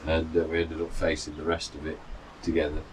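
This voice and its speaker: A middle-aged man with a remarkably deep voice tells his story in a loose, rambling way, stopping and restarting as he goes. He is picked up from a distance by the mic, out on a balcony with steady outdoor noise around him. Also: brisk. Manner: rambling, chatty, full of fillers and restarts. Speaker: runner vlogger. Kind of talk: casual storytelling.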